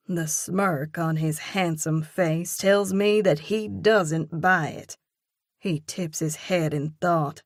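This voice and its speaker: A woman narrating a romance audiobook in the first person, with a measured, expressive reading. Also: on the low side, no room sound, studio quality.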